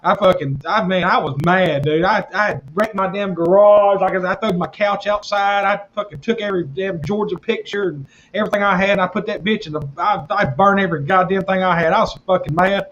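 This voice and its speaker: A man with a high voice tells rough, profanity-laced stories in loud bursts. The sound is muffled and a bit dull, as if coming over an online call, with a faint hiss behind him. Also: a little fast, few pauses. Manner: profane, rowdy storytelling. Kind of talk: casual chat.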